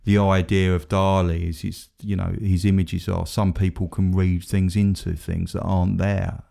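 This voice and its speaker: Low gravelly guy rambling in a casual chat, dark mellow tone, laughs a lot. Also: little pitch movement, normal speed. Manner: rambling, self-mocking, laughs often. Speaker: podcast co-host.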